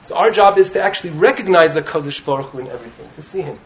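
A man giving an animated Torah talk as a rabbi in a study hall, often asking "right?" to his listeners. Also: on the high side, very fast, muffled recording. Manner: animated, keeps checking in with "right?". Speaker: rabbi teaching in a yeshiva.

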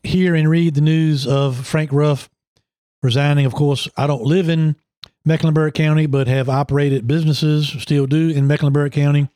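A man on a relaxed podcast, dropping dry, teasing remarks at his co-hosts. His voice runs a bit higher than most men's but has a soft, mellow tone, recorded dry and close. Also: moderate pace, no echo. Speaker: podcast co-host. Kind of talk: casual podcast chat.

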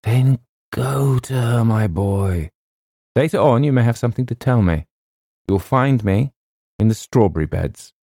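Guy doing a stern old colonel, slow and menacing, deep gravelly voice, dry. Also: expressive, dark tone, no room sound. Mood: kindly.

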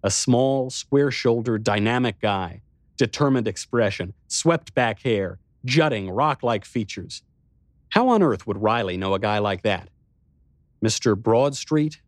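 A man narrates a novel in the first person, with a measured and introspective delivery. His voice sits on the low side. The recording is close and dry, with no room sound. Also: lively intonation, no room sound. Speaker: audiobook narrator.

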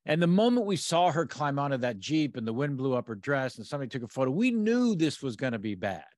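A man hosting a podcast, talking through an episode in a measured, analytical way, often restarting his sentences. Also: medium pitch, big pitch swings, a little mellow, no room sound, clean studio sound. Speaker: podcast host. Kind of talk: episode discussion.

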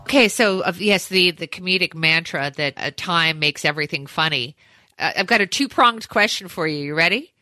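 Woman host on a podcast, lowish voice, chatty rambly questions, dry close mic. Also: normal speed, sharp tone, no echo, soft background music. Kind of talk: casual interview chat.

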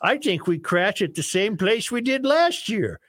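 A man's voice: high voice, big pitch swings, measured pace, a bit bright, no echo, voice pushed up, heavily acted. A man voicing a goofy Norwegian hunter in a joke, with an exaggerated sing-song comic accent. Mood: pleading.

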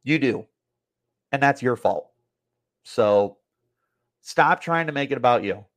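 A man's voice: mid-range voice, lively intonation, slow. A man hosting a sports podcast, delivering a heated, annoyed opinion rant full of repetition.

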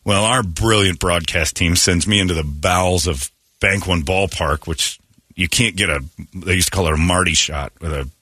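A middle-aged man hosting a morning radio show from a studio, telling rambling stories and jumping into loud mocking voices. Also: deep voice, moderate pace, no echo. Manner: rambling storyteller, swings into loud excited mock voices. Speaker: radio host. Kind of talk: casual morning radio talk. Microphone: studio microphone.

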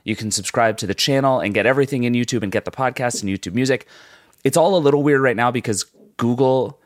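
A man co-hosting a podcast with a sore throat, husky and explaining things in a chatty way. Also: mid-range voice, fast, no echo, studio quality. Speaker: podcast co-host. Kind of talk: casual chat.

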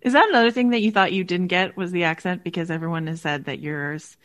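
A woman with a fairly low voice hosts a podcast interview. She asks long questions in a relaxed, conversational way, with fillers along the way. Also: quick pace. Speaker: podcast host.

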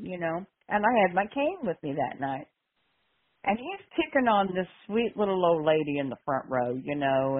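An older woman caller from Arkansas, telling animated stories on a phone-in show, laughing often and acting out the people she quotes. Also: deep voice. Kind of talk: casual phone-in storytelling. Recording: tinny phone line.

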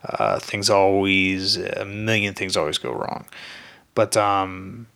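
A man's voice: low voice, fairly even intonation, slow pace, creaky, bright, forceful tone, clean tone. A man, an independent filmmaker, telling a rambling, candid story in a casual monologue, with lots of fillers and some swearing.

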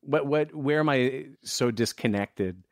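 A man, a film director, talking in a relaxed, thoughtful way with many restarts. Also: mid-range voice, measured pace, dry recording, clean studio sound. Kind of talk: casual conversation.

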